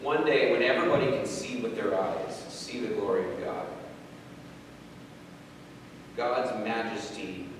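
A man's voice: fairly low pitch, moderate pace, recorded from a distance. Man preaching in an echoey hall. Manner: thinking aloud, repeats words, rhetorical questions. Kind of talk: informal sermon. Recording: very echoey hall, voice from afar, faint noise.

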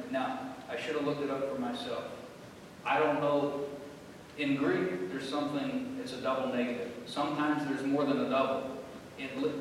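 A pastor preaching a sermon, speaking with bursts of forceful, emphatic repetition. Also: male voice. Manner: preaching with swelling emphatic outbursts. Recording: echoey hall, distant mic, faint rumble.

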